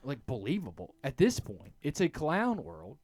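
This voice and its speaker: A man hosting a podcast in a relaxed, rambling way, his voice in the middle of the range for a man. He keeps restarting his sentences and then punches words with sudden loud emphasis. The mic is close, with no room sound at all. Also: medium pitch, normal speed, no room sound. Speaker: podcast host. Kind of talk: casual podcast chat.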